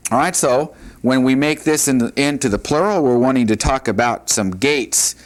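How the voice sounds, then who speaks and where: Teaching Hebrew grammar at the board, a man speaks at a moderate pace with a medium-pitched voice. He returns patiently to key points, his speech full of "all right" and "uh."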